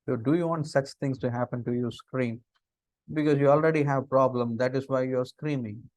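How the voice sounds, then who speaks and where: Middle-aged Indian-accented man lecturing students, mid-pitched, animated, dry close sound. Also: a little fast, no room sound. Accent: Indian English. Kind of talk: lecture on interview body language.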